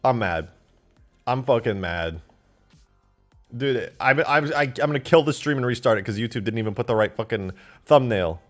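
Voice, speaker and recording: A man commentating his game modding on a live stream, excitable and foul-mouthed, swinging into loud outbursts. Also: mid-range voice, moderate pace, faint music behind. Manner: excitable, swears a lot, flares into loud outbursts.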